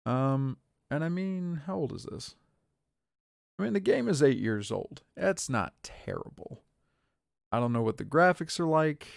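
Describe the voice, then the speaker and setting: A man in his thirties streaming a game live, with a gravelly edge of fry on a mid-pitched voice. He rambles loosely, tossing asides to his viewers as he plays. The sound is dry and close. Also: no echo. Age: 30s. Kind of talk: live gameplay commentary.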